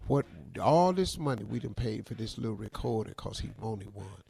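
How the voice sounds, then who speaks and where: An exasperated mother , quoted by a man in his own voice, hurries through her complaint. The tone stays gravelly and low. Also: expressive, normal speed, warm tone, full character voice.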